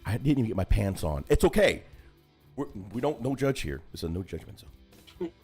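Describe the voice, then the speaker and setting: A man hosts a casual hobby livestream over a video call, rambling and chatty with animated swings in pitch. He talks briskly with a breathy edge while faint music plays behind him.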